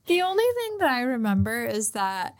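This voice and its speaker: A woman's voice: fairly high pitch, sing-song, moderate pace. Chatty young woman co-host. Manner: chatty, interjecting questions and jokes. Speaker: podcast co-host. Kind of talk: casual podcast chat.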